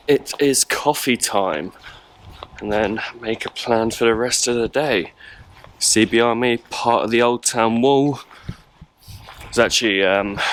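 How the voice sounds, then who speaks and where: Guy vlogging outside in the cold, lowish voice, rambly, faint street noise behind. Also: fairly bright tone. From England. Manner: rambling, chatty, lots of fillers. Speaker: travel vlogger. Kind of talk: casual vlog chat. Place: outdoors in a cold old town. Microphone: handheld camera.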